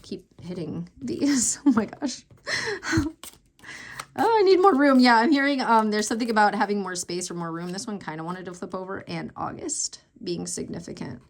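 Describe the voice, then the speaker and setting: A woman's voice: mid-range voice, animated, moderate pace. A woman doing a casual tarot reading, talking emotionally with many fillers, restarts and exclamations. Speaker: tarot reader.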